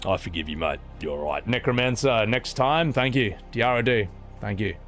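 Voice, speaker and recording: A man's voice: fairly low pitch, expressive, moderate pace, fairly bright tone, faint music behind. A man, casually chatting on a live stream and reacting with exclamations and stammering restarts.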